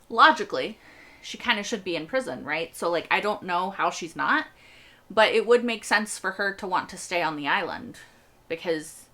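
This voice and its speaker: A woman's voice: lowish voice, sharp tone. A young woman hosting a TV reaction video, rambling earnestly in casual chat and laughing often.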